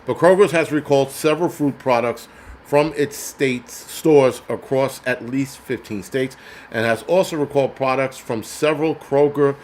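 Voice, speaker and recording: A man's voice: mid-range voice, slight background noise. Blunt, foul-mouthed man ranting. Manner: profane, sarcastic and blunt. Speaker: host. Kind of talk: ranting commentary.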